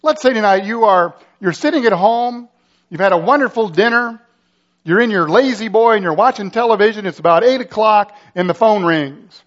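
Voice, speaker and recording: Delivering a sermon at normal speed, an animated male pastor rings out in a high voice. He piles on rhetorical questions and urgent, vivid scenarios, lifting and dropping his delivery for impact, on a muffled, lo-fi recording.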